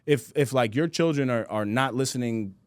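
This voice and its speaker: Brief: relaxed male host, loose slangy storyteller, dry studio sound. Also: medium pitch, moderate pace, clear, resonant tone, no room sound. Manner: loose slangy talk, says bro a lot, laughs easily. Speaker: podcast host. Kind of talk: casual storytelling chat.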